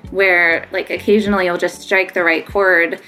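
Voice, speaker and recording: A woman's voice: lowish voice, little pitch movement, moderate pace, bright, forceful tone. Woman chatting about kids bedtime, casual and rambly, faint music behind. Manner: chatty, lots of fillers, acts out quotes. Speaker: child sleep consultant. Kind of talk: casual conversational advice.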